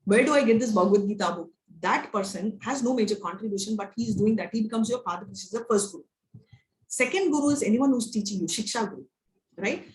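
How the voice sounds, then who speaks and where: A woman's voice: mid-range voice, fast. Indian woman teaching a scripture class. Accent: Indian English. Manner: storytelling, frequent "right?" and "you know" tags. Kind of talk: devotional class lecture. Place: temple class room. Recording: echoey room with faint noise.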